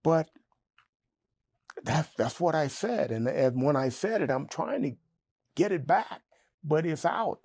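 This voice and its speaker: A man in his sixties, an interview guest telling a story in a lively way, jumping up in pitch when he quotes himself. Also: unhurried, dry recording. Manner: animated storyteller, jumps high in pitch when quoting himself.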